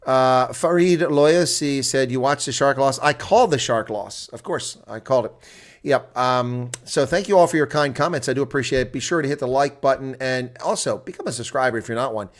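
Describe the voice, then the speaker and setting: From his own desk, a middle-aged man calls a rugby game live, mixing play-by-play with color commentary. Big plays set off loud, excited shouting, and afterward he drifts back into relaxed, rambling talk, reading out viewer comments. His pitch sits in the ordinary middle and he speaks briskly.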